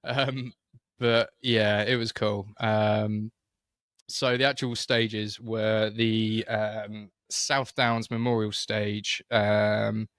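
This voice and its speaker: A British-accented man co-hosting a casual podcast tells a long story full of fillers and restarts. His voice is lowish and a bit bright, captured on a studio microphone with clean sound and no echo.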